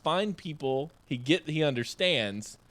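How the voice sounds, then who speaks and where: A man's voice: fairly high pitch, expressive, a little slow, fairly bright tone. A man co-hosting a podcast in casual chat, rambling and self-deprecating. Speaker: podcast co-host.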